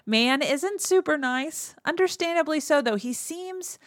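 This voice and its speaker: A woman hosting a podcast, casually retelling a movie's plot, laughing often and slipping into quick quoted lines. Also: high-pitched, expressive, no room sound, studio quality. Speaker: podcast host.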